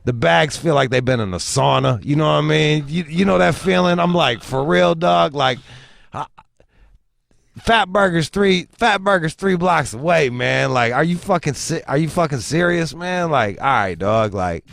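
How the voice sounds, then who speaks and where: A man's voice: on the high side, moderate pace, vocal fry, no echo. A young man hosting a show, telling a story as a profane comedic rant and acting out the voices he quotes. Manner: animated storytelling, acts out quoted voices, swears heavily. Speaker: host.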